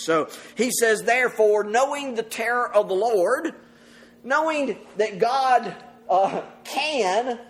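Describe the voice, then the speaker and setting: High-voiced preacher man. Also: a little hiss or hum. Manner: earnest, laughs often while preaching. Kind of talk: sermon. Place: church service with congregation.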